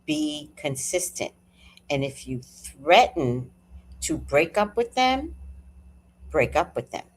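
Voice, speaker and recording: A woman's voice: deep voice, slow pace, husky. A woman hosting a live talk, chatting casually and profanely, telling a personal story and acting out what people said. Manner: animated, profane, storytelling with acted-out quotes. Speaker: host. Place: at home.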